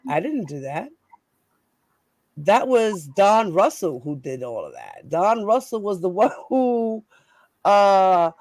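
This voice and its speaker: A woman's voice: medium pitch, darkish tone, dry recording. Fiery, profane New woman ranting. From New York. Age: 40s. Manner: fiery, profane, firing rhetorical questions. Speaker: host. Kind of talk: heated casual live-stream rant.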